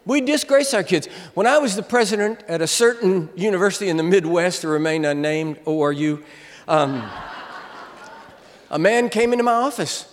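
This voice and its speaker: Speaking at a normal pace, a guest preacher in his seventies delivers a funny sermon in a high, bright voice. His stories land with comic timing, the big lines come out as shouts, and the large sanctuary gives everything a long reverb.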